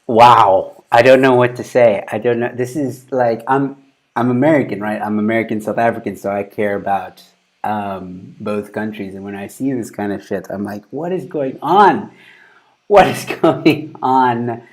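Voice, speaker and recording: A man's voice: lowish voice, steady tone, normal speed. Laughing, rambling male show host. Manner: laughs often, loose and rambling. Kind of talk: casual news commentary.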